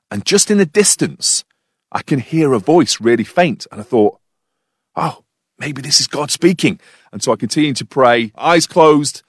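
A man's voice: medium pitch, no room sound. A British man delivers a sermon in a mid-range voice, weaving a personal anecdote with dry humour into reflective questions for his listeners. The sound is close and dry. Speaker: preacher.

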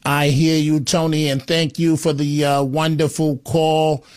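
A man's voice: fairly high pitch, level tone, a little slow, a little mellow, clean tone. A man hosting a talk radio show, blunt and scornful as he takes calls.

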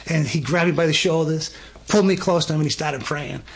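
A man tells his story with growing excitement and acts out each person's words. His voice sits fairly high and sounds husky. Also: brisk. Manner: excited, animated storyteller acting out dialogue. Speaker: guest. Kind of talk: testimony storytelling.

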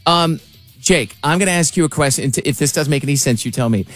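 A man's voice: on the high side, a little fast, a bit bright, soft background music. Easygoing man radio co-host. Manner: easygoing, teasing questions. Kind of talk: casual morning radio chat.

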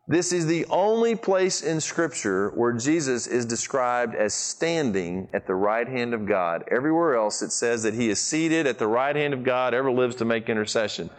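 A man preaching a sermon, retelling a scripture story with animated emphasis, swinging between excited high bursts and low, quiet asides. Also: normal speed, few pauses, rough recording.

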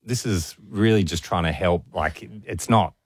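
A man's voice: deep voice, measured pace, breathy edge, dry recording, clean studio sound. A man co-hosting a radio show, joking around with playful quips. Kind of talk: casual radio banter.

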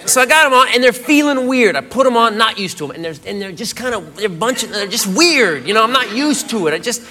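A man doing a stand-up comedy routine on a club stage, telling a story animatedly and breaking into acted-out shouts. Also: very high voice, expressive, fast. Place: comedy club stage before a laughing crowd. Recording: loud crowd laughter and noise.

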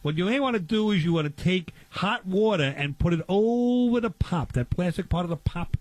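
A man's voice: high-pitched, expressive, normal speed, hardly any pauses, a little mellow. A man bantering in a comedy bit at a barbecue, rambling, playfully clueless and repeating himself.

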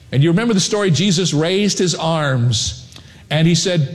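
A man preaching a sermon in earnest storytelling, slowing down to stress key lines. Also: on the high side, lively intonation. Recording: long hall reverb.

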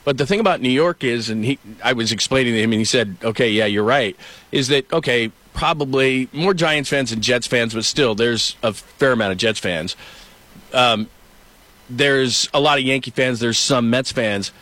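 Dry-voiced middle-aged sports talk host. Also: male voice, mid-range voice, normal speed, no room sound. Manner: storytelling, animated.

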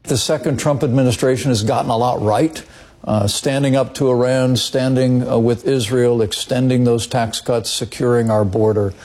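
A man answering in an interview as a politician, measured and halting with fillers. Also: mid-range voice, steady tone, a little mellow.

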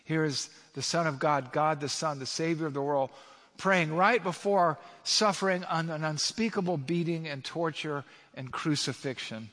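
A man's voice: on the high side, normal speed, a bit bright, long reverb tail. A male pastor preaching a sermon, emphatic, with rhetorical questions to his congregation.

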